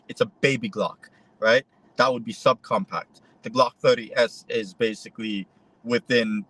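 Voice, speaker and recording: A man, a photojournalist, recounting an incident to an interviewer in a conversational, animated way, acting out both sides of quoted exchanges. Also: medium pitch, breathy edge, no room sound, poor audio. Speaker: interview guest. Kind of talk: conversational storytelling.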